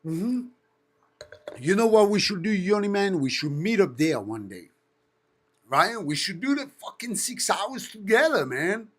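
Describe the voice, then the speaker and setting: This host, a Frenchman-accented man in his thirties, spins stories on a laid-back live stream, swearing a lot and mimicking engine sounds. He speaks in a high, husky, fairly bright voice with a sing-song, unhurried lilt.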